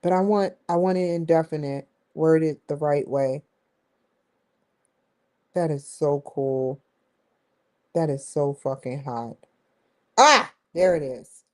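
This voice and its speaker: Slow-talking woman thinking aloud. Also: deep voice, low-quality recording. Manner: mutters to herself, bursts of excited exclamations. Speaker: host. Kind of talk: casual study vlog, thinking aloud.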